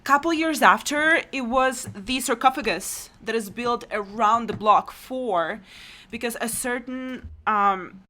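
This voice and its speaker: A woman's voice: on the high side, a little slow, sharp tone. Woman guest, non-native English speaker, earnest. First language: Russian. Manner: earnest, searching for English words, self-deprecating. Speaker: podcast guest. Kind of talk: casual podcast chat.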